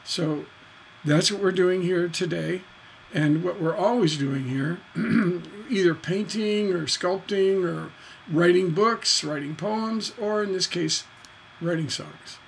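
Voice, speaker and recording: A man teaching songwriting on a charity livestream in a relaxed, folksy way, humming melodies on "da da" to show his points. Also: sits high, slow pace, gravelly, a little hiss or hum.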